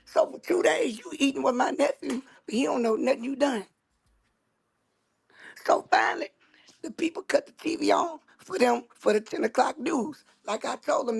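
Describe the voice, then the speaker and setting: A woman's voice: high voice, normal speed, gravelly, slightly rough. A woman host, telling a story in casual chat, with emphatic, dramatic repetition. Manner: emphatic, dramatic retelling with repeated phrases.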